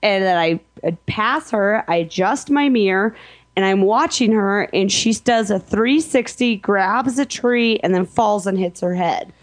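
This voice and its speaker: A woman telling a story in casual chat, blunt and quick to swear. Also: mid-range voice, no echo.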